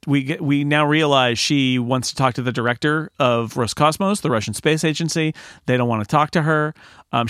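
Here a man with a smooth mid-range voice co-hosts a podcast, casually going over a TV episode and animatedly acting out its lines. The recording is dry and of studio quality.

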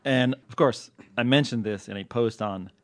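A man hosts a podcast in loose, playful banter at a medium pitch. He jokes at his own expense and laughs easily. The sound is dry and close to the mic. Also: normal speed, dry recording. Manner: jokey, self-mocking, laughs often. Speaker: podcast host. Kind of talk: casual banter.

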